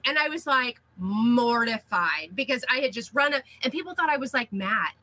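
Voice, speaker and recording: A middle-aged woman, a cookie artist, chatting as a guest and telling lively anecdotes with frequent laughs. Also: a little high, moderate pace, slight background noise, low-quality recording. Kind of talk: casual interview storytelling.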